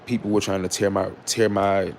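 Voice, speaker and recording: A man's voice: low-pitched, little pitch movement, moderate pace, slight background noise. A man hosting his own livestream, talking casually and candidly to his chat, rambling with fillers and restarts, sarcastic, sometimes scolding commenters. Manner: switches to loud scolding of commenters. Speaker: livestream host.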